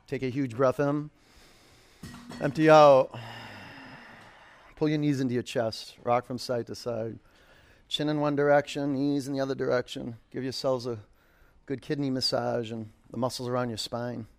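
A man's voice: medium pitch, steady tone, normal speed, pauses often, clean tone. A man leading a live yoga class, calling out counts and motivating cues, with casual storytelling asides. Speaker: yoga instructor.

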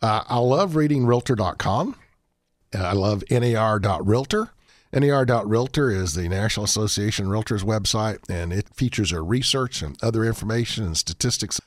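A man's voice: lowish voice, animated, fairly quick, no room sound, studio quality. A man, a radio show guest talking in a folksy, rambling way with frequent restarts. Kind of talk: radio talk show interview.

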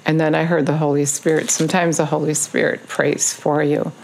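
A woman's voice: deep voice, level tone, brisk, a little mellow, a little hiss or hum. A woman giving a casual video sermon, urging listeners in earnest, repetitive phrases with frequent ums. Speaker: online preacher.

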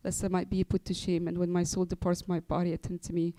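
Reader reciting penitential prayers, fast and monotone, dark mellow tone. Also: mid-range voice, no echo, poor audio. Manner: quick, monotone reading with small stumbles.

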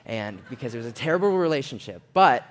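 Brief: young man, sermon storytelling, lively, jumps into other people's voices. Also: medium pitch, fast talker. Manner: animated storyteller, acts out quotes in a raised voice.

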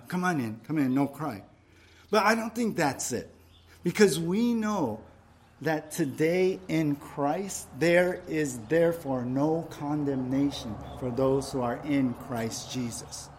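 A man's voice: a little high, a little mellow. A man preaching a sermon, emphatic and repetitive, often checking in with the listeners. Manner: emphatic, repeats phrases, frequent "right?" checks. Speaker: pastor.

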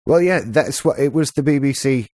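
A man's voice: medium pitch, normal speed, darkish tone, no echo, studio quality. A man co-hosting a casual chat show, wry and joking. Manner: wry, joking, trivia-minded. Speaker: podcast co-host.

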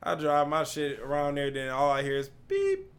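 A man with a somewhat high voice trading road stories in a loose, profane chat. He is brash and laughs between lines. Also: huge pitch swings, moderate pace. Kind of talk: casual storytelling chat.

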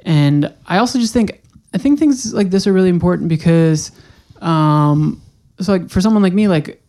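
A man's voice: sits high, animated, moderate pace, warm tone. A man hosting an interview podcast, affirming his guest often and thanking him eagerly. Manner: eager, affirming interviewer with frequent "okay" and "wow". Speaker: podcast host. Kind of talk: conversational interview.

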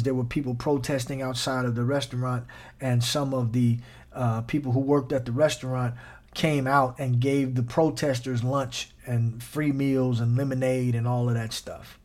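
A man hosting a sermon podcast, preaching in an animated, folksy way and talking straight to his listeners. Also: medium pitch.

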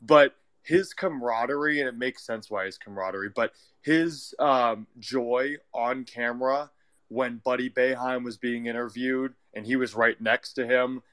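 A man's voice: mid-range voice, fairly even intonation, moderate pace, a bit bright. Reflective young man in casual chat. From US West Coast. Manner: reflective, thinks aloud with restarts. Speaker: caller in an online audio room.

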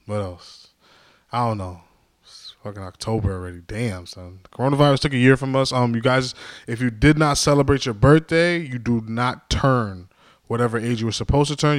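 Recorded in a clean studio with no room sound, a man with a mid-range voice hosts a podcast on his own. He rambles casually, joking around and making fun of himself.

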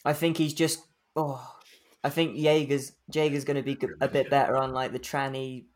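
A man co-hosting a casual podcast chat, relaxed and sweary. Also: medium pitch, moderate pace. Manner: laid-back, sweary. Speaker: podcast co-host.

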